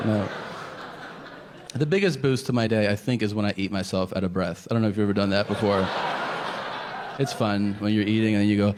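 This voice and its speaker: A man's voice: lowish voice, fairly quick, long pauses, background noise. A man performing self-deprecating stand-up comedy, acting out little voices.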